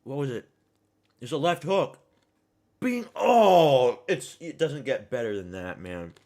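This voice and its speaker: Excitable man, lively pitch. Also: normal speed. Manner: excitable, profane, erupts into shouting. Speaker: fan reacting to a fight. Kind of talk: live watch-party reaction.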